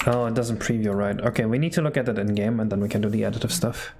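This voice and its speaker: A man's voice: lowish voice, steady tone, fast talker, darkish tone. A man chatting casually on a live stream while he works on a game, joking and bantering as he reads chat aloud. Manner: joking banter, reading chat aloud between working remarks.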